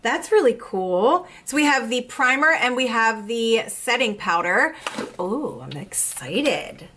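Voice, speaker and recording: A young woman vlogger chatting casually as she unboxes makeup, gushing and excitable. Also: fairly high pitch, slow, a little hiss or hum. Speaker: beauty vlogger.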